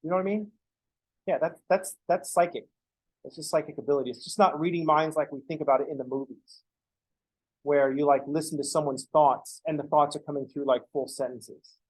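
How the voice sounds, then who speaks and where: Joking male math lecturer, higher voice. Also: steady tone, fairly quick, rough recording. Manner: joking, rambling aside to students. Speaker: math professor. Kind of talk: classroom lecture. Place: classroom with students.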